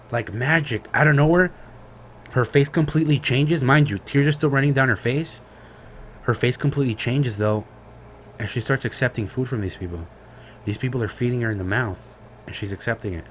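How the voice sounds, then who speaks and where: A man's voice: mid-range voice, moderate pace, slight background noise. A man co-hosting a podcast, retelling a story in casual chat with slang and swearing. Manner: slangy, profane, animated retelling. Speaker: podcast co-host.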